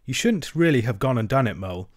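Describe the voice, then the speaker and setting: A kindly male water rat, voiced by a man reading a storybook, speaks soothingly and briskly. His voice sits at an ordinary middle pitch. The sound is dry and close, with no room around it. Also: lively intonation, no room sound, lightly acted.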